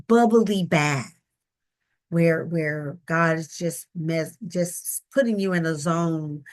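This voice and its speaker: A woman with a Southern US accent giving a slow, emotive devotional talk about a hymn, often calling out to her listeners. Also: lowish voice. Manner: slow, tender, emotive delivery addressing listeners as y'all. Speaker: ministry speaker and recording artist.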